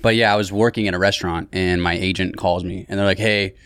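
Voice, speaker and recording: A young man with a low voice tells a story in a profane, animated way. The sound is dry and close, with almost no room around him. He is a comedian guest chatting casually on a podcast. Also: quick pace, clean tone, no echo. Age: 20s.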